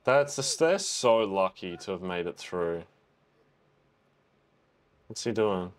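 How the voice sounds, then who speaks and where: Young aussie bloke thinking out loud at a movie, lowish voice, lots of oh man and bro. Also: animated, takes it slowly. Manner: chatty, exclaims and thinks aloud. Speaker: reaction video host. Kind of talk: casual film reaction commentary.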